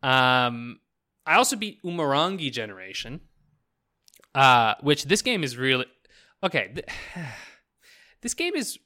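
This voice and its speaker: A man's voice: mid-range voice, big pitch swings, measured pace, long pauses, pushed and bright. A young man from Canada casually chatting about video games, rambling, swearing freely and slipping into mock voices.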